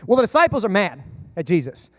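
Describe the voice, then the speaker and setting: Animated quick-talking male pastor. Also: high voice. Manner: animated, conversational, acts out quoted voices; humorous asides. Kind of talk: sermon.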